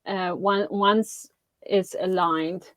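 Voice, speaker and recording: A woman's voice: medium pitch, steady tone, very slow, no echo. A woman with a mixed international accent, a guest in a live online interview, hesitant with many fillers. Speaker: guest, brand consultant.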